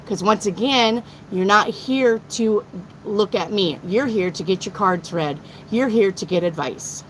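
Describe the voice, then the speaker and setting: A middle-aged woman reading tarot on a live stream, blunt and excitable, swearing freely as she talks to her chat. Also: medium pitch, takes it slowly, a little hiss or hum, rough recording. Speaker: tarot reader.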